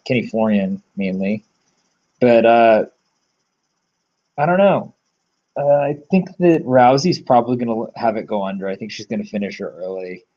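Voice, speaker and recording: A man's voice: medium pitch, darkish tone, lo-fi sound. A man giving casual solo betting commentary, rambling through lots of fillers and restarts, blunt and sometimes swearing. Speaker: MMA betting tipster.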